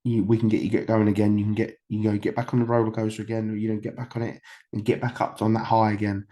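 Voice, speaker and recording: A man's voice: lowish voice, little pitch movement, quick pace, mellow. A man in his thirties from the United Kingdom, a podcast guest telling stories candidly, rambling with fillers, restarts and swearing. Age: 30s. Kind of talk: candid conversational storytelling.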